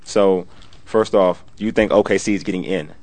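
A man's voice: low-pitched, normal speed, a little mellow. A man hosting a casual sports podcast, talking bluntly and animatedly in bursts. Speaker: podcast host.

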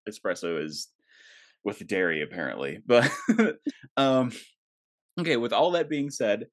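A woman hosting a podcast, asking relaxed questions and giggling along with her guest. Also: a bass voice, unhurried. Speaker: podcast host. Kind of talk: casual podcast interview.

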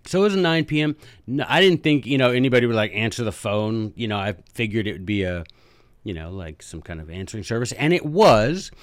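A man hosting a podcast, telling a story in a chatty, animated way with jokey asides. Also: fairly low pitch, fairly quick, dry recording, clean studio sound. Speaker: podcast host and teacher. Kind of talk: casual storytelling monologue.

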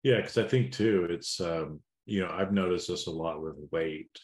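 A man co-hosting a casual podcast chat, relaxed and rambling with many asides. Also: low-pitched, normal speed. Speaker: podcast co-host.

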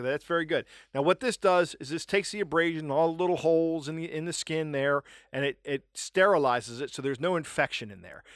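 A middle-aged man hosting a comedy podcast, ranting wryly and telling animated anecdotes. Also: a little high, no room sound, studio quality. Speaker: podcast host. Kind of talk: casual comedic podcast chat and storytelling.

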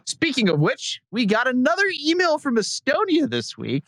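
A man's voice: very high-pitched, wildly swooping pitch, normal speed, a bit bright, no room sound. Jokey, laughing podcast host man. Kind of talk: casual comic chat.

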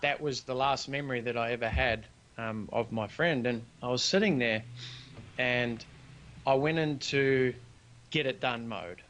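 A New Zealand man with a mid-range voice speaks at a measured pace over slight background noise. He's a business founder guesting on a podcast, telling a personal story earnestly and animatedly, acting out the quoted dialogue.

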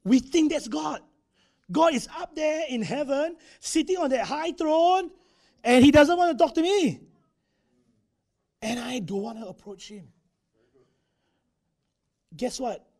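A man's voice: very high-pitched, expressive, slow pace, pauses often, a little mellow. A male preacher, giving a conversational sermon in a church, acting out quotes and using tag particles.

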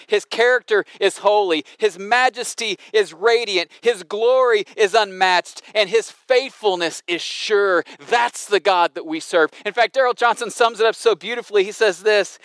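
A man's voice: high voice, fairly bright tone, clear, resonant tone, no room sound, studio quality. A man preaching a sermon in an emphatic, dramatic way, with frequent restarts. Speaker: pastor.

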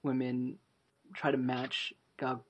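Man as podcast panelist, mid-pitched, keen to cut in. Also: monotone, takes it slowly, muffled recording, background noise. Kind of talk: casual film review chat.

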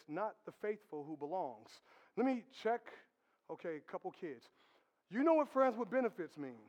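A man's voice: extremely high pitch, big-room sound. A man preaching a casual, conversational sermon, addressing the congregation directly. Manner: conversational preaching with crowd asides, laughing. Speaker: pastor. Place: church.

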